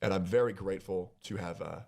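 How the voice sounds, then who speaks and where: A man making a personal announcement on his stream, hesitant and emotional, pausing often with fillers. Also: deep voice, gravelly, darkish tone.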